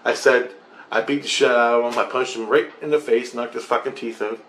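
A man rants in a rambling, profanity-laced monologue, worked up and restless. His voice sits at an ordinary middle pitch. The recording is roomy and echoey, with faint ambient noise underneath. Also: fairly even intonation, fairly quick, a bit bright. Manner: profane, agitated ranting. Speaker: vlogger.

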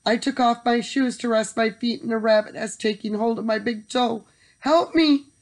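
A storyteller voicing a small excitable male leprechaun in a bedtime storybook reading, with a shrill, pleading then cheeky manner. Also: a little slow, a little hiss or hum, natural voice. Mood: frantic.

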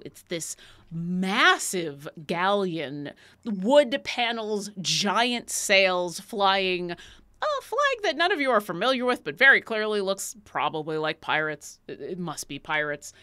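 A woman narrating as dungeon master of a tabletop game, with lively, playful scene-setting. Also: mid-range voice, slow.

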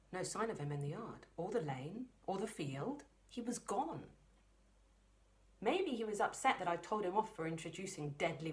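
A woman librarian reading a children's book aloud, expressive and chatty, stopping for asides. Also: on the low side. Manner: lively, expressive storytelling with asides.

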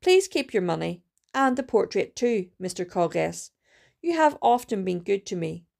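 A woman reading the lines of a poor, gentle young boy artist in a storybook, soft-spoken and respectful. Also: medium pitch, very animated, unhurried, vocal fry, exaggerated voice. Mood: humble.

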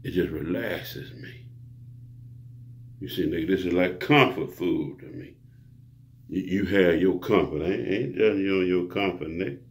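A man's voice: deep voice, normal speed, pauses often. A man preaching a rambling monologue to his viewers, grandiose and profane, lecturing the listener. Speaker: self-styled preacher.

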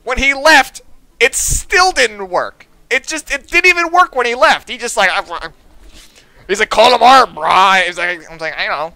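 A young man rants to his live stream audience, swearing nonstop and mocking people with put-on voices in animated storytelling. His voice is very high at normal speed, and the recording is dry and rough.

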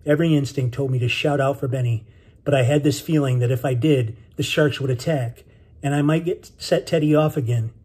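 A man reading his own novel aloud in steady, measured scripted narration. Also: medium pitch, breathy edge.

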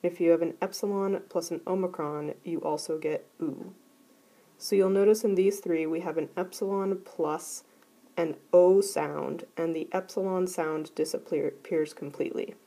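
A woman teaching a recorded grammar lesson, explaining clearly and methodically. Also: fairly low pitch, fairly even intonation, moderate pace, warm tone. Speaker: Greek teacher.

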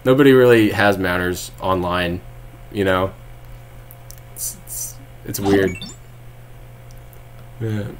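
A young Texan man live-streams and chats casually with his viewers in a deep voice, speaking slowly with long pauses. He rambles, laughs often, and tosses in sarcastic asides.

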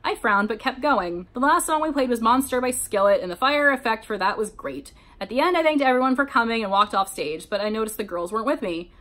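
A woman's voice: a little high, lively intonation, fairly quick, hardly any pauses, fairly bright tone. A woman reading a fan-written story aloud, breaking off for sarcastic commentary between passages. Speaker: YouTuber reading fanfiction aloud.

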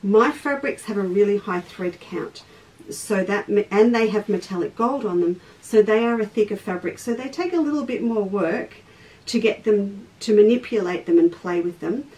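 A woman's voice: mid-range voice, normal speed, darkish tone, recorded from a distance, rough recording. Chatty Australian woman teaching sewing. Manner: chatty, stops mid-task to greet viewers by name. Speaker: craft teacher and shop host. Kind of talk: live sewing demonstration. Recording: voice a little off-mic, faint background noise.

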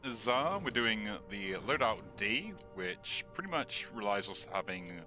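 A man hosting a game video, thinking aloud in relaxed let's play commentary, with the hiccups. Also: fairly low pitch, unhurried. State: has the hiccups. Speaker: gaming channel host. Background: background music.

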